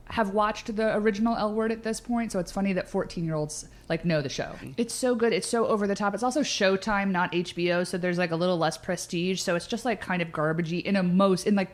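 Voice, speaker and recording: A woman co-hosting a podcast, chatting casually with quick, jokey asides. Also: medium pitch. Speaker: podcast co-host. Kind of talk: casual chat.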